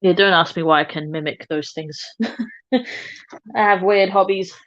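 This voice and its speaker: Hosting a live makeup stream, this woman keeps up playful, self-mocking chatter as she works. She speaks at a normal speed in a fairly low voice, with no echo and the high frequencies cut off.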